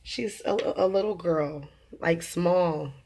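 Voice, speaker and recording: Her voice is mellow and lowish, and she speaks slowly. This young woman, a religious vlogger, preaches informally about faith and what her children dream of, wandering off track with fillers, false starts and chuckles at her own humor.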